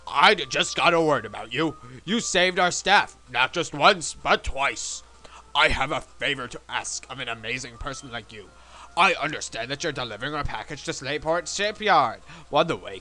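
A man's voice: medium pitch, animated, normal speed, pushed and bright, soft background music, voice pushed down, rough recording. A young man voicing a pompous older male company president in a mock-dignified reading of game dialogue. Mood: stately.

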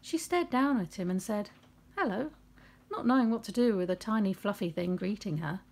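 A woman's voice: mid-range voice, expressive, brisk, darkish tone. A middle-aged woman reading aloud a story she wrote and breaking off for chatty asides, recorded in her home office.

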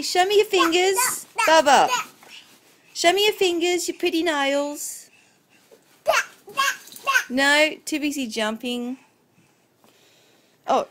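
High-pitched, sing-song mother cooing. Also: noisy background. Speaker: mother filming her toddler. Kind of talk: playful baby talk to a child. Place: at home indoors. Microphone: phone camera.

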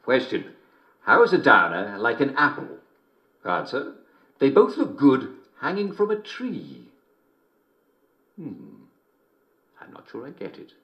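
A man's voice: mid-range voice, wildly swooping pitch, unhurried, sharp tone, full character voice. An actor playing a jovial, middle-aged English TV host who chuckles between lines with a smarmy showman delivery, in a scripted game broadcast. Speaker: TV and radio host.

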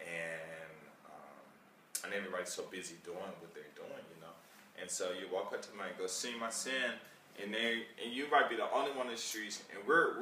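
A man talking casually in a vlog, rambling and animated, acting out chats with people he meets on the street. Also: low voice, echoey room, distant mic, slight background noise. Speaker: vlogger.

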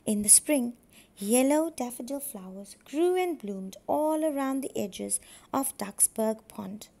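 A preschool teacher, a woman, reading a storybook aloud to young children in a slow, clear and careful way. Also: a little high, a little mellow.

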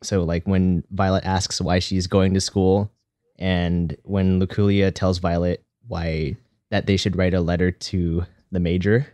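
Deep-voiced man, dry close sound. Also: little pitch movement, darkish tone, dry recording. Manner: thoughtful, halting, repeats words. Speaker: podcast co-host. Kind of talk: casual podcast chat.

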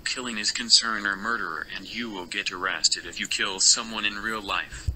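A man's voice: fairly low pitch, steady tone, normal speed, bright, forceful tone, rough recording. A man giving a scolding, lecturing rant in a recorded video.

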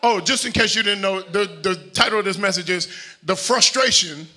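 A middle-aged male pastor preaching a lively sermon in a church, swinging from shouted, almost sung lines to quiet joking asides with the congregation. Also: high-pitched, moderate pace. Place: church sanctuary.

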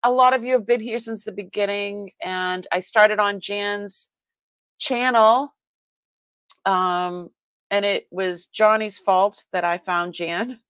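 A woman's voice: mid-range voice, steady tone, slow, a bit bright, smooth, no echo. A woman with a Boston accent hosting a casual live-stream sale, chatting and greeting viewers by name with frequent laughs.

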